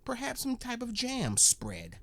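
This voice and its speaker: Excitable bright-voiced man reacting. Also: very high voice, a little slow. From United States. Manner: excitable, repetitive, keeps calling out to viewers. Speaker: reaction video host. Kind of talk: casual reaction commentary.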